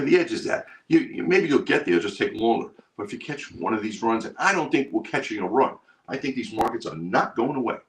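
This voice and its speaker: A man hosting a live stream for his trading group, talking emphatically and repeating himself. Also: deep voice. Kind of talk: live stream sales pitch.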